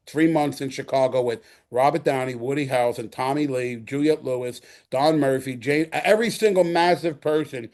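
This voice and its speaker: A middle-aged man from the Bronx with a New York accent, a guest actor telling animated stories in an interview, acting out quotes and repeating himself. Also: mid-range voice, moderate pace, hardly any pauses. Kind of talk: storytelling interview.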